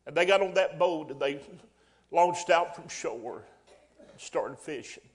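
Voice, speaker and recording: A man preaching a sermon in a folksy way, rising to loud emphatic bursts. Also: fairly high pitch, expressive, measured pace.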